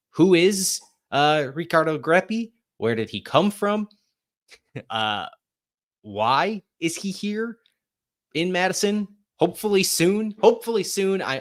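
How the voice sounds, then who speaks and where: A male podcast host talking alone in a bright, forceful voice. He is chatty and animated, circling back and restarting his sentences as he goes. His pitch sits in an ordinary middle range. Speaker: podcast host and sports writer. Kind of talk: solo sports podcast monologue.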